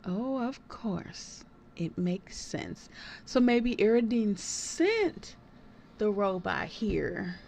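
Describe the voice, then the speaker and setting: A woman playing a game for the first time, reacting excitedly and reading dialogue aloud between her comments. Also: medium pitch, drawn-out words, vocal fry, slight background noise. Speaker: gaming video creator. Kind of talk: let's play commentary.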